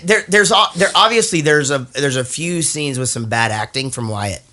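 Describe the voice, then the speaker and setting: A man hosting a casual movie podcast, crude and quick to laugh. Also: fairly high pitch, lively intonation, sharp tone. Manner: crude, laughing, does voices and quotes. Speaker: podcast host.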